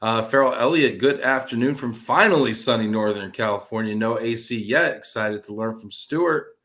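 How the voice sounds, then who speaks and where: A man hosts a live webcast with lots of energy, joking and teasing his guest. His voice sits at an ordinary middle pitch, and he reads viewers' comments aloud with easy enthusiasm. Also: moderate pace, a bit bright. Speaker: host.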